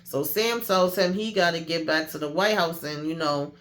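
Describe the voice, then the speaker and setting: Higher-voiced man, lively slangy recap host who acts out the scenes. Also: moderate pace. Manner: animated, slangy, acts out characters' lines. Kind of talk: casual recap monologue.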